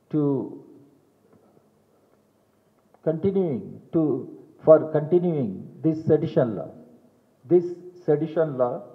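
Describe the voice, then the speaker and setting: An older man with an Indian English accent delivers a press statement at a measured, very slow pace, leaning hard on each key phrase and repeating it. The sound is narrow and tinny, as if heard down a phone line, and it carries a long echo from a big hall. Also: medium pitch. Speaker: party general secretary at a press conference.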